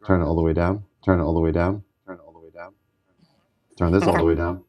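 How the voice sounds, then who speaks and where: A man livestreaming as a music producer, chatting casually and thinking aloud in a relaxed way while he adjusts his gear. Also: deep voice, unhurried.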